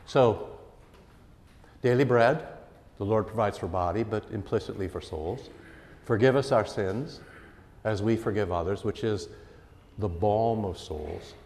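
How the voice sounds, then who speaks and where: A man, a pastor, preaching a sermon earnestly and emphatically, his voice rising and falling in loudness. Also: lowish voice, long reverb tail.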